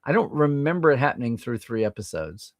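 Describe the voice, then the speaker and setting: Animated man reading live chat. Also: medium pitch, a little fast, no room sound. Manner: animated, chatty, reads viewer comments aloud and reacts.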